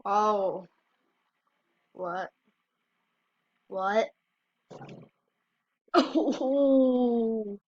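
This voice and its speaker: A woman YouTuber reacts casually to fail clips with short exclamations, her mid-range voice expressive and slow with long pauses. The recording is dry, dull and lo-fi.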